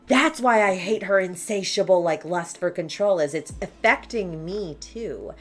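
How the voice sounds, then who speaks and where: A woman playing a tabletop storytelling game with friends, talking in an animated, gleeful and playful way. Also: lowish voice, measured pace, soft background music. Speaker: player.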